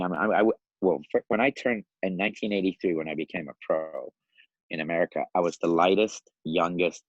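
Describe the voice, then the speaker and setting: Deep husky guy from iran telling old stories, lively, dull lo-fi sound. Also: no echo. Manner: animated storyteller, acts out quoted voices, laughs often. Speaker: podcast guest. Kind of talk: casual storytelling.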